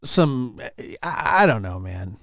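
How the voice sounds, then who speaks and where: A man's voice: medium pitch, sing-song, slow pace, creaky, dry recording, studio quality. A man hosting an online commentary show, reacting to news clips in an exasperated, repetitive way. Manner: exasperated, repetitive, swings loud and soft. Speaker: commentary channel host.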